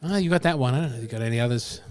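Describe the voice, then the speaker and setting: A man's voice: medium pitch, racing, darkish tone, no echo, studio quality. An Australian man with an Australian accent hosting a podcast, chatting casually and asking curious, teasing questions. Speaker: podcast host.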